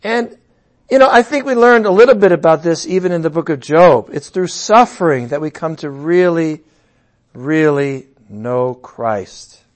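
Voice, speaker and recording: A middle-aged man preaching as a pastor in a conversational way, breaking into loud emphatic bursts. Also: on the high side, expressive, unhurried. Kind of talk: sermon.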